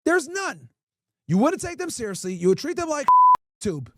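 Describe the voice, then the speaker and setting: A man's voice: extremely high pitch, sing-song, normal speed, pushed and bright, no room sound, clean studio sound. A man streaming to his chat, ranting emphatically and mockingly with lots of rhetorical questions. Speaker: streamer and podcast host. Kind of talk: ranting commentary to a live chat.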